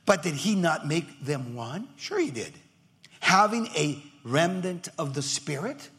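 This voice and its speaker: A male pastor preaching a sermon emphatically, swinging from shouts to near whispers and acting out members of the congregation. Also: on the high side, sing-song, a little slow.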